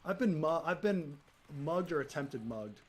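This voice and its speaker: A man's voice: a little high, lively intonation, measured pace, a little hiss or hum. A man from the United States chatting casually, rambling with lots of fillers and restarts and swearing freely. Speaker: gaming streamer chatting. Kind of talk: casual chat.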